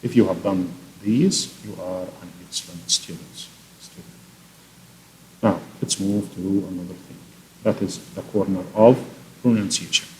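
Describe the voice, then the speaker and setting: A man's voice: low voice, fairly even intonation, a little slow, slight background noise, low-quality recording. A man teaching a class, walking through answers one by one with filler words. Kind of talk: classroom instruction.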